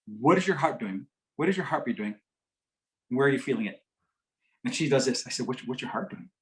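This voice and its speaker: Animated man telling a teaching story. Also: mid-range voice, fairly quick, poor audio. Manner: animated storyteller, lively swings between loud and hushed, acts out quotes softly. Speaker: speaker at a community health forum. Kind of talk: teaching talk with a patient story.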